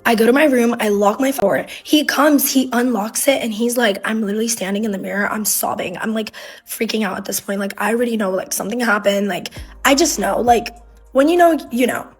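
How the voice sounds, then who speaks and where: Young woman, high-ish voice, rambling storytime delivery full of "like", faint music underneath. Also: brisk, slightly rough. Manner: rambling, heavy use of "like", emotional retelling. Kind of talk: casual storytime.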